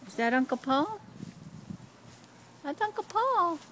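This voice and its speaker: A woman's voice: very high-pitched, big pitch swings, takes it slowly, fairly bright tone, slight background noise. An older woman, a grandmother, playfully encouraging children and laughing often, recorded outdoors on a home video camera.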